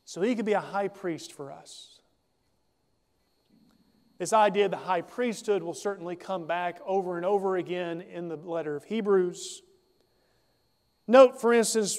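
A man preaching a sermon in a measured, emphatic way, reading scripture aloud and then explaining it. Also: high-pitched, big-room sound.

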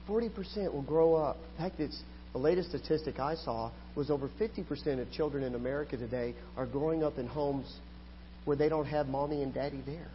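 A middle-aged man preaching a sermon, swinging between loud pleading and quiet asides. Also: mid-range voice, fairly quick, a little hiss or hum. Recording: hall reverb, dull lo-fi sound.

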